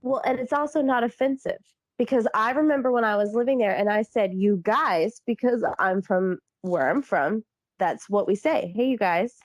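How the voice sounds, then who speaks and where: Animated laughing Midwestern woman. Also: on the high side, normal speed, dry recording. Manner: animated storyteller, laughs often. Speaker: podcast co-host. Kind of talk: casual chat.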